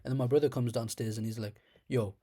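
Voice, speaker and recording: Young man with a mellow voice and slight lisp. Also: medium pitch, steady tone, very fast. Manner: rambling, laughs at his own stories. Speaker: storyteller host. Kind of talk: casual comedic storytelling.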